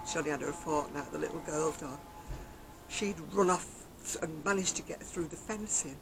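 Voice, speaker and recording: Sitting out on a garden deck, this woman from England talks about her crochet projects in a loose, meandering way, breaking into laughter as she tells her stories. Her voice sits on the low side, with background noise in the recording.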